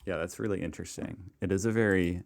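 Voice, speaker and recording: Brief: low-voiced American guy, casual reaction vlogger, jokey and self-mocking. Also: steady tone, fast, vocal fry. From United States. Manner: self-deprecating, chatty, laughs often. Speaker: reaction video host.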